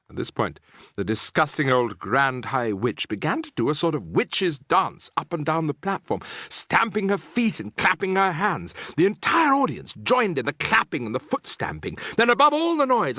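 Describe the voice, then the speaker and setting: A man narrating a children's audiobook in an expressive storytelling manner. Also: mid-range voice, moderate pace, no echo. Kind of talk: scripted narration.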